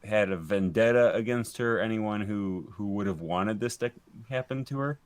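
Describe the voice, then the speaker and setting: A young man playing a tabletop game, speaking in character with halting repetitions. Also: lowish voice. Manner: halting, repeats words while calming someone. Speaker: player.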